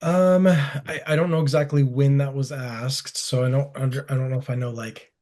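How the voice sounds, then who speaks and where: A man presenting a relationship webinar in a relaxed, conversational way with frequent fillers. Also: medium pitch, moderate pace.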